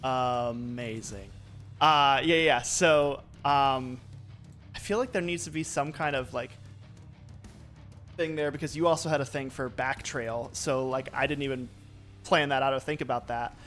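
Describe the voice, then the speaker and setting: Casting: easygoing young game master, rambling with ums and likes, mid pitch, faint music behind. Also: male voice, unhurried, fairly bright tone. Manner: loose, lots of um and like fillers. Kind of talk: narrating a tabletop game.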